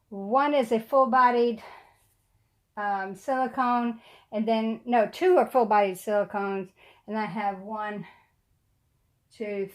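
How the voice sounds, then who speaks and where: A middle-aged woman, chatting casually to camera at home, her voice a little weak and short of breath, rambling with fillers and small laughs. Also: medium pitch. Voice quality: slightly weak voice. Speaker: doll collector vlogger. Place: room at home.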